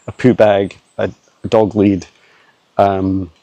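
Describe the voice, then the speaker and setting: Man, dark gravelly voice, dry close phone sound, halting casual vlog delivery. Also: lowish voice, flat delivery, dry recording. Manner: halting, many fillers and restarts. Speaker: psychic channeler. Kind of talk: casual walking vlog, channeling answers. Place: woods outdoors, walking a dog. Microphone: handheld phone camera.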